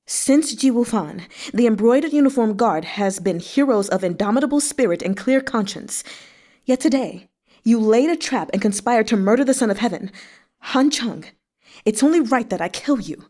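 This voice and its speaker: A woman reading aloud, voicing a cool, resolute young male guard officer with a frosty, measured tone. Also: a little high, animated, dark tone.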